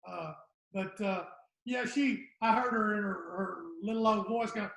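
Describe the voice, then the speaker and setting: A man's voice: high-pitched, unhurried, creaky, a bit bright. A man, a guest comedian telling rambling stories in casual podcast chat. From Southern United States. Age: 60s. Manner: rambling storyteller, trails off. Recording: echoey room.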